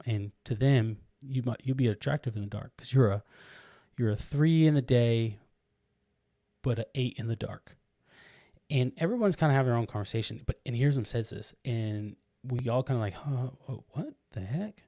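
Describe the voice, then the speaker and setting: Podcast co-host, male, mellow voice, rambling storyteller, dry close mic. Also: medium pitch, unhurried, no room sound. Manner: rambling, many restarts and "like" fillers. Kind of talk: casual storytelling. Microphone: podcast microphone.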